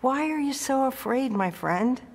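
Woman putting on a gentle patient God figure, male, raised pitch, long reverb. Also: lively intonation, measured pace, husky, exaggerated voice. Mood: pleading gently.

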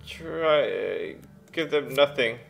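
A young man giving casual, excitable let's play commentary and reading game text aloud at home. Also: mid-range voice, drawn-out words, vocal fry, faint music behind.

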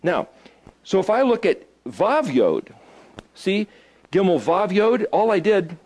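A man teaching a small group in a relaxed way, thinking aloud as he looks things up and putting questions to his listeners. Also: sits high, slow pace. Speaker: Hebrew study teacher.

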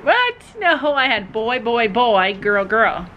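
A woman vlogging casually to her viewers, chatty and animated as she talks straight to the camera from her backyard. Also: a little high, takes it slowly, highs cut off, a little hiss or hum. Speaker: family vlogger. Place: outdoors in a backyard.

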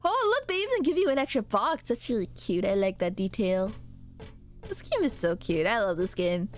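A woman's voice: medium pitch, big pitch swings, moderate pace, faint music behind. A woman from the United States casually chatting with her viewers while playing a horror game, joking and swearing freely. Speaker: streamer. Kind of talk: casual gaming stream chat.

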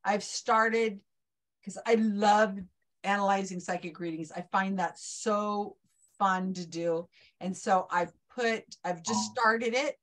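A woman's voice: mid-range voice, takes it slowly, a bit bright. A woman hosting an online trivia night, talking in a chatty, enthusiastic, rambling way over a video call. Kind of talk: casual online group chat.

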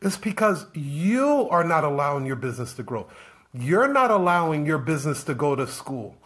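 A man's voice: on the high side, very animated, moderate pace, fairly bright tone. A man giving a motivational business talk on a live stream, firing off rhetorical questions and repeating himself as he pushes his point. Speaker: business coach.

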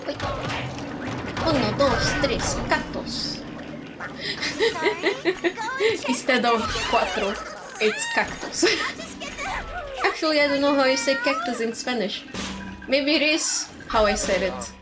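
Excitable woman streamer, high voice, unhurried talk, game music behind. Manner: excitable, swears and laughs often. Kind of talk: casual gaming stream commentary.

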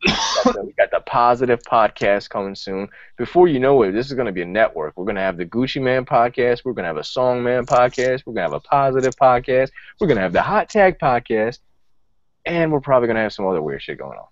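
A man's voice: medium pitch, lively intonation, fast, no echo. A man hosting a podcast in casual, rambling chat. He swears freely and restarts his sentences. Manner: rambling and profane, with repeated restarts. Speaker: podcast host. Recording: dull lo-fi podcast audio.

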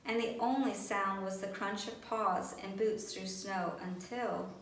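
A woman reading a children's storybook aloud in a gentle, friendly way, as a club member. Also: medium pitch, fairly even intonation, unhurried. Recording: roomy, distant, faint background noise.

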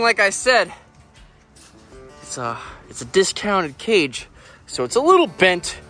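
A man's voice: mid-range voice, bright, forceful tone. A man chatting casually in an outdoor vlog while working around his animals, laid-back and swearing now and then. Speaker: vlogger and animal keeper.

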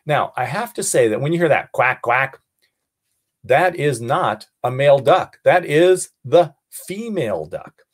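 Middle-aged male naturalist for an online class; husky, animated, jokey, murmurs while he looks. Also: on the high side, normal speed, hardly any pauses. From California. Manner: playful, talks aloud while observing, mutters quietly. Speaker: naturalist teaching a birding class.

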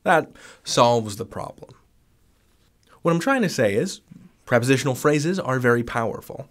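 A man of middle pitch explains grammar in a loose, conversational way, recorded close to the mic as a voice-over. He sounds keen on his subject and keeps the talk informal, with plenty of fillers and restarts along the way. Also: very animated, normal speed. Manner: enthusiastic, with chatty fillers and restarts. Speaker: grammar teacher. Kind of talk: conversational lesson.

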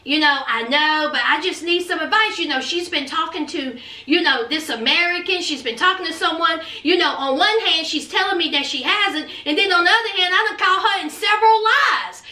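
A woman's voice: extremely high pitch, fairly quick, hardly any pauses, pushed and bright, recorded from a distance. A woman voicing an upset man who doubts his girlfriend, in a musing, resigned manner. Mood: rueful. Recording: roomy, off-mic.

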